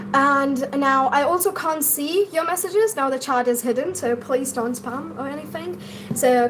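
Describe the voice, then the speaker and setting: A woman's voice: a little high, a little hiss or hum. A young woman with an Indian English accent, teaching pronunciation on a live stream and answering viewers' comments as she goes.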